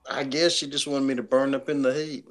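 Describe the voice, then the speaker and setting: A man's voice: mid-range voice, level tone, brisk. Easygoing Southern man, short replies. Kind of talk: casual livestream chat.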